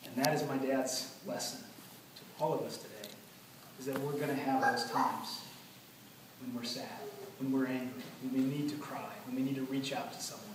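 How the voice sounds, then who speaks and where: A man giving an earnest memorial speech about his late father, telling stories with many pauses. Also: mid-range voice, fairly even intonation. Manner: earnest, storytelling, pauses often. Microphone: far from the recording mic. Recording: echoey hall from far off, noisy.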